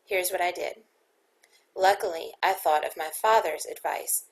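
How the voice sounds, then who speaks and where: A woman's voice: on the low side, a little slow, lightly acted, rough recording. Woman as a dramatic old storyteller. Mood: tense. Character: old man storyteller spinning a ghost tale.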